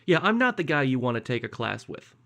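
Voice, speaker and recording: A man's voice: medium pitch, big pitch swings, a little fast, a bit bright. A young man from Canada co-hosting a podcast in casual chat, with dry, self-mocking humor. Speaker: podcast co-host.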